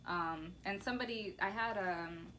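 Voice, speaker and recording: Woman college instructor, earnest conversational delivery, medium pitch, faint room noise. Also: normal speed, poor audio. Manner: earnest, animated when quoting others. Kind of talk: casual discussion.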